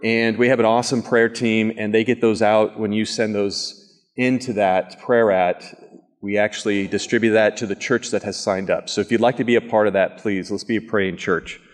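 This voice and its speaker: A man's voice: fairly low pitch, steady tone, normal speed. A man preaching a sermon as pastor, chatty with the congregation and telling a dramatic story. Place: church sanctuary. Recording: echoey church hall.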